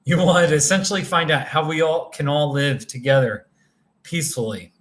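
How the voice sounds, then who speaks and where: A man's voice: on the high side, normal speed. A tired man hosting a casual livestream from a motel room, rambling as he chats with viewers by name. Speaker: livestream host reading viewer chat.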